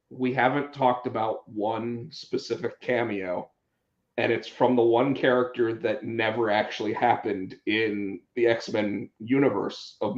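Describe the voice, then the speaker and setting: A podcast host in casual movie chat, animated, with many restarts. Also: male voice, medium pitch. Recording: roomy, dull lo-fi sound.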